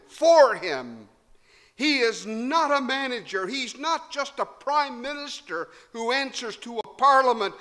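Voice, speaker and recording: A man preaching a sermon, swinging between loud emphasis and hushed low tones. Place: church hall. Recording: long hall reverb.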